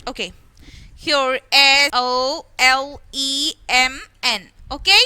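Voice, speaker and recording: Lady teacher, high voice, spells out letters slow and repeats words. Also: fairly even intonation, bright, forceful tone. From India. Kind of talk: online class lesson.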